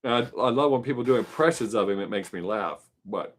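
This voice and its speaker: A man's voice: lowish voice, expressive, fairly quick. A man hosting his weekly live stream, chatting casually with viewers in a musing, rambling, joking way.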